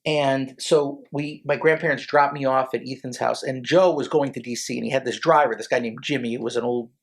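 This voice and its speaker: A man in his forties, a lawyer, recounts his past in a loose conversational way. His voice is gravelly and somewhat husky, and he stumbles and restarts often, moved by his memories. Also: medium pitch, steady tone. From Connecticut, USA. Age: 40s. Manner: halting, many restarts, emotional, choked up. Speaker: lawyer, podcast guest. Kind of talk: casual storytelling interview.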